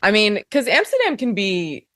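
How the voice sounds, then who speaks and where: A woman's voice: mid-range voice, wildly swooping pitch, normal speed, a bit bright, no room sound, clean studio sound. A woman with an Australian accent, a podcast guest chatting casually and loosely, with many fillers. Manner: chatty, drifting, full of "like" and fillers.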